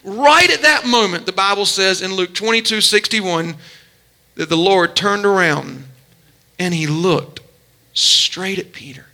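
High bright-voiced preacher. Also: male voice, unhurried. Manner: dramatic storytelling, swings from soft hushed to shouted pleading. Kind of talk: sermon.

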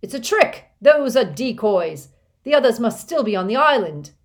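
A woman reading an audiobook, voicing a tyrannical male villain who shouts furious orders. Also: on the high side, very animated, normal speed, voice pushed up.

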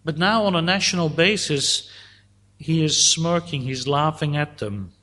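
A man preaching a sermon, teaching slowly and deliberately through a psalm and voicing God's words at times. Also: fairly high pitch, bright, forceful tone.

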